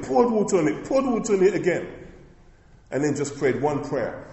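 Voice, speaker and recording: A man's voice: fairly high pitch, warm tone, roomy sound, long reverb tail. A man preaching a sermon as pastor, emphatic and repetitive, with many rhetorical questions to the congregation.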